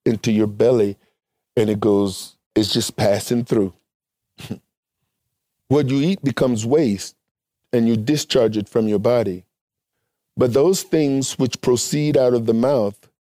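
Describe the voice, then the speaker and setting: A man's voice: medium pitch, warm tone, no room sound, clean studio sound. A man preaching a sermon, mixing scripture readings with folksy asides.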